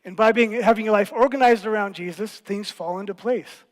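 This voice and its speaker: A man preaching a sermon as pastor, teaching in a playful, animated way with quick jokes. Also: sits high, long reverb tail. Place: church hall.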